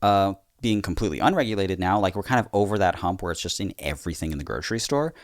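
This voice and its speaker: Low-voiced man telling a story. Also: animated, quick pace, dry recording. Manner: frank, swears freely, retells with acted-out quotes. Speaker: podcast co-host. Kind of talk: casual storytelling chat.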